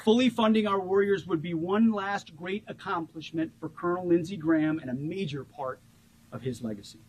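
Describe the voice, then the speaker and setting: Slowing down to emphasize key words, a man in his forties delivers a stirring ceremonial tribute as a government official. His voice is high and a little mellow, and the rough recording carries a bit of hiss or hum.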